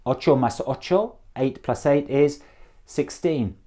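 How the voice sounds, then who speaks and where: English guy teaching spanish numbers, mellow voice, upbeat and jokey, says stuff for you to repeat. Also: a little high. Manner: encouraging, brisk, gently jokey. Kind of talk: drilling vocabulary for students to repeat.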